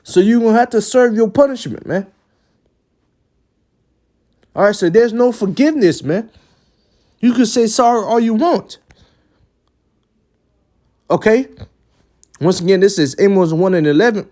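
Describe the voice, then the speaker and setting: A man's voice: sits high, normal speed, long pauses, mellow. A man giving a religious lesson in an emphatic preaching style. He often ends phrases with "man" and sometimes stumbles and repeats words. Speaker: religious teacher.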